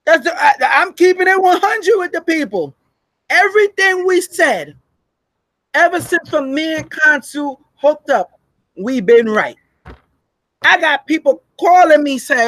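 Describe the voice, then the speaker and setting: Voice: high voice, animated, unhurried, a bit bright, no echo. A co-host in a casual commentary chat who laughs often, talks emphatically and preaches to the audience.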